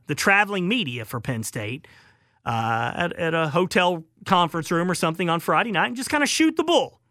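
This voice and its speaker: Bright-voiced Southern radio host. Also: male voice, fairly high pitch, dry recording, clean studio sound. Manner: rambling, chuckling anecdotes. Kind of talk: call-in radio storytelling.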